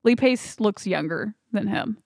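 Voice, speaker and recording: A woman's voice: mid-range voice, lively intonation, unhurried, gravelly, darkish tone, no room sound, studio quality. A woman co-hosting a podcast, recapping scenes in a casual, exasperated chat. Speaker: podcast co-host. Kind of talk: casual movie review chat.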